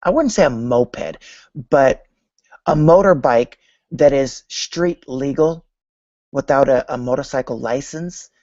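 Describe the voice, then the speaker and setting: Male spiritual vlogger, storytelling delivery, mid pitch, dry and slightly muffled recording. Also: slow pace, a little mellow, dry recording. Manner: storytelling, acting out imagined dialogues. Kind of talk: motivational talk on manifesting. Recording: dry, dull lo-fi sound.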